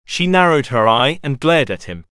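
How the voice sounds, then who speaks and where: A man reading a children's storybook aloud in an expressive way. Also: medium pitch, normal speed, clean tone, dry recording, studio quality. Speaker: narrator. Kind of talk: storybook narration.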